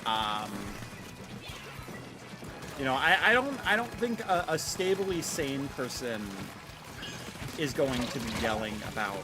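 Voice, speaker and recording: A woman live streaming a video game, talking in an excitable, rambling way with many restarts. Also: extremely low pitch, takes it slowly, long pauses. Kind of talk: live gameplay stream chat. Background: music.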